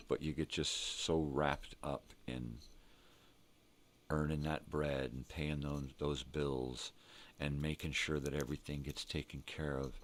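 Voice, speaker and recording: Very deep gravelly-voiced older man. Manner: rambling, profane, talks to himself. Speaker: vlog host. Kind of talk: rambling morning vlog.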